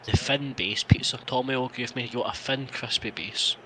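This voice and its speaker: A man's voice: medium pitch, a little fast, background noise. A Scottish man co-hosting a stream, bantering bluntly and swearing freely. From Scotland. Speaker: stream co-host. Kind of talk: casual chat.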